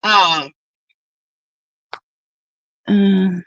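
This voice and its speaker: A woman's voice: fairly high pitch, animated, normal speed, lo-fi sound, slight background noise. A woman hosting a casual livestream, greeting viewers by name and chatting playfully. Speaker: livestream host reading chat.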